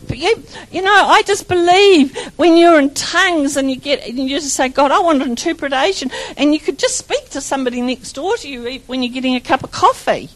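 Woman preacher, high voice, charismatic sermon, rambling and fervent. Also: lively intonation, moderate pace, few pauses, low-quality recording. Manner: fervent, repeats phrases, breaks into laughter; rambling with restarts and stumbles.

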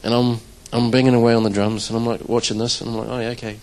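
A man stands before a church congregation and tells his story in an easy, conversational way. His pitch sits right in the middle of the range for a man. He plays out his own surprised reactions as he goes. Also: fast talker, low-quality recording. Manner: conversational, animated storytelling with acted-out quotes. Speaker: church drummer giving testimony. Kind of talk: church testimony.

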